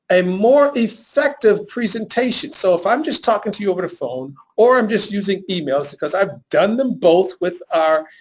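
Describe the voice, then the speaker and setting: A man's voice: high-pitched, low-quality recording. A man hosting a live webinar on running a home business, talking with energy to his viewers, often repeating himself and asking them to type answers in the chat. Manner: energetic, repetitive, addresses chat viewers directly. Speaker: webinar host.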